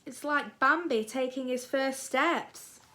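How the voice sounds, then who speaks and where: A woman's voice: sits high, slow, bright, forceful tone, heavily acted. Woman reading as an eager, coaxing girl. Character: bold, playful teenage girl, encouraging friend.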